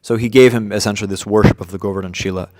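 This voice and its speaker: A man with a lowish voice leads an informal scripture class, speaking casually and often restarting his sentences with ums and uhs. His voice carries a long reverb. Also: fairly even intonation, rapid-fire, a little mellow. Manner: casual, many fillers and restarts. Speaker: class teacher. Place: room with devotees present.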